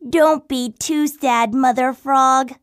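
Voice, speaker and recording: A woman's voice: high voice, steady tone, slow pace, no echo, clean studio sound. Woman doing a curious big brother frog. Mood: earnest. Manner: playful and insistent. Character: curious, stubborn older boy frog. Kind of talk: storybook acting.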